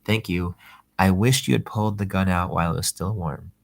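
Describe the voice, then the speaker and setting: A man's voice: low voice, steady tone, brisk, gravelly. A man doing a stammering Jewish businessman. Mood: hesitant. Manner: stammering, apologetic.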